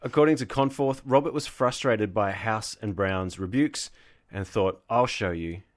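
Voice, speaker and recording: A man's voice: fairly low pitch, moderate pace. A man co-hosting a casual podcast, reading out his research notes and stopping to laugh and correct himself. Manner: narrates from notes with frequent laughs and self-corrections. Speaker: podcast co-host presenting the research.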